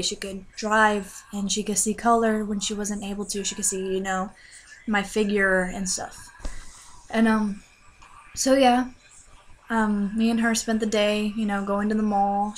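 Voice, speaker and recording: A young woman, probably a teen, casually rambling through a dream story, with lots of "like" and fillers, and a runny nose. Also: mid-range voice. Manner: chatty, lots of fillers, animated voices in quotes. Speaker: vlogger.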